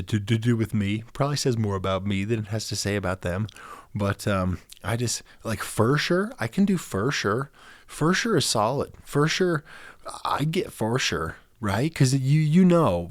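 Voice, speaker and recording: A man's voice: mid-range voice, dry recording, clean studio sound. A man hosting his own podcast, rambling through a casual solo rant with lots of stammered restarts and imitated voices. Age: adult father. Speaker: podcast host.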